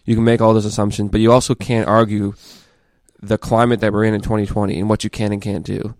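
A man co-hosting a casual podcast, laying out a story step by step in a measured way. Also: lowish voice, level tone, darkish tone, no room sound. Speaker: podcast co-host.

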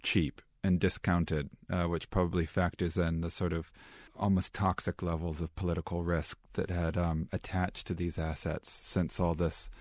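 Man, very low voice, guest analyst, emphatic, halting, dry studio sound. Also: little pitch movement, darkish tone, dry recording. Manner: emphatic, halting with many restarts. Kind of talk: studio discussion.

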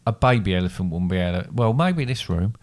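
A middle-aged father co-hosting a casual podcast with his son, measured and wryly teasing. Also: sits low, animated. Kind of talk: casual chat.

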